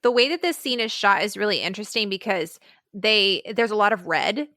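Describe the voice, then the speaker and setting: A young woman co-hosting a podcast in casual chat, giggly with quick reactions. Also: mid-range voice, sharp tone, no room sound, studio quality. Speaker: podcast co-host.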